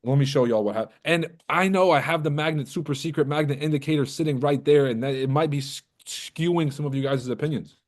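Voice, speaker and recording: A man's voice: a little high, quick pace, hardly any pauses. Profane joking man hosting a livestream. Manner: profane, joking, roasting viewers. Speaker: trading coach and livestream host. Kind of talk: casual livestream chat.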